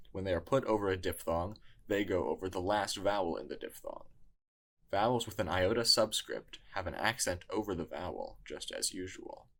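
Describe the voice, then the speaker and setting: A man narrating a scripted lesson in a measured, explanatory way. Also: sits low, vocal fry, fairly bright tone. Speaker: tutor.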